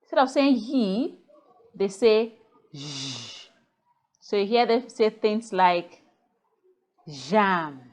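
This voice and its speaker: A woman's voice: fairly high pitch, moderate pace, few pauses, dark tone. A woman teaching English pronunciation, drilling word pairs one at a time and checking in with the class as she goes. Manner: drills minimal pairs, checks understanding with "Okay?" and "Clear?". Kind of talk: slow, deliberate phonics lesson.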